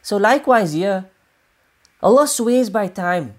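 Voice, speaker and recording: A woman giving a religious lesson, explaining scripture in a measured way and repeating key points for emphasis. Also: mid-range voice, animated. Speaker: Quran teacher.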